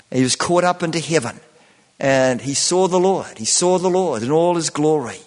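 A man preaching a sermon, repeating phrases and filling pauses with "you know". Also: fairly high pitch, in a large hall. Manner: slow, repetitive preaching with many "you know" fillers.

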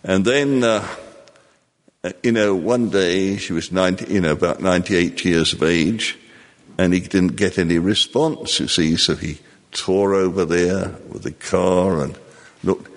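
Slow, deep-voiced older man in a hall. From England. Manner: slow, reflective, with many fillers. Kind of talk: personal storytelling to an audience.

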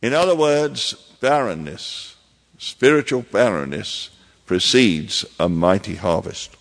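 Slow-preaching man in a reverberant hall. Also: fairly low pitch, animated, fairly bright tone. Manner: measured preaching with emphatic repetitions. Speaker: pastor. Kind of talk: sermon.

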